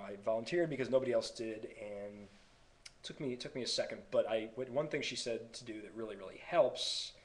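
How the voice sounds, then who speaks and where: Young guy from north carolina talking to his camera, rambly and chatty, mid pitch. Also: poor audio. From North Carolina, USA. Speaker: vlogger. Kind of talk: casual vlog talk to camera.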